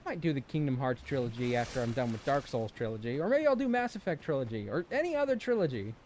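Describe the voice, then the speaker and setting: A man's voice: medium pitch, sing-song, fast talker, darkish tone, a little hiss or hum. A young man from Southern California giving casual, joking let's-play commentary, swearing and bantering with chat. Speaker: gaming streamer.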